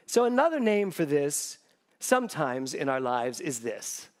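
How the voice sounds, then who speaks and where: Lively, high-pitched man preaching a sermon. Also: unhurried. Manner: animated, conversational preaching with jokes and asides. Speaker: spiritual director.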